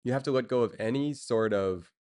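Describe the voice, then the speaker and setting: A man's voice: mid-range voice, a little fast, darkish tone, smooth. A man streaming and chatting casually with his viewers, rambling with lots of fillers and chuckles. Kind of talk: casual chat.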